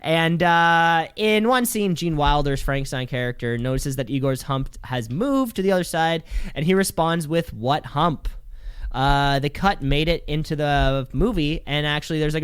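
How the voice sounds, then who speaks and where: A man co-hosting a podcast in casual chat, reading movie trivia in a quick, chatty way. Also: a little high, smooth, dry recording. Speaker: podcast co-host.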